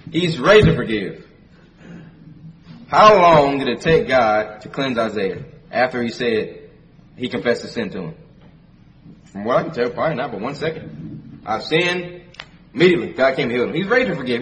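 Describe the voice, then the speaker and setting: In a medium-pitched, fairly bright voice, a preacher reads King James scripture aloud and then explains it in a plain, conversational way. Repeated phrases carry his emphasis, while a far-off mic lets a faint background hiss run beneath.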